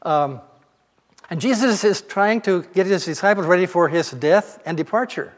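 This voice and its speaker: Guy preaching, high voice, telling bible stories like chatting, church hall echo hanging on. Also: normal speed. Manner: conversational storytelling, retelling scripture in plain words. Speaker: pastor. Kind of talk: sermon.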